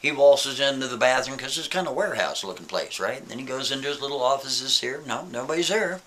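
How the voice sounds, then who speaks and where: A man's voice: mid-range voice, lively intonation, fast talker, fairly bright tone. A man telling a spooky story in a casual way, often checking in with the listener. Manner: casual, keeps asking "right?".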